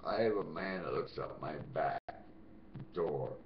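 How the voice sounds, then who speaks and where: A deep, gravelly-voiced older man delivers a slow, profane and confrontational vlog rant. His voice rings in an echoey room, and the recording sounds dull and lo-fi. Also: background noise. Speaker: vlogger. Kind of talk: angry ranting monologue.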